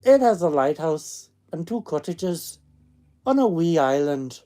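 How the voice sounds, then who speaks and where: Amateur fake-Scottish narrator, a man putting it on: loud, exaggerated, mellow tone. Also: on the high side, very animated, a little slow. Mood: earnest. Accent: put-on Scottish. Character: Scottish storyteller reading his own ghost story. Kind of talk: reading aloud in a fake accent.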